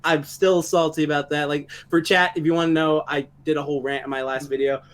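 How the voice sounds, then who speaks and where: A man with a somewhat high voice, chatting on a live podcast. He rants in an animated, loose way and swears often. Casual home-mic talk. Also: brisk. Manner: animated ranting with frequent profanity. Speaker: podcast co-host. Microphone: home microphone, live online show.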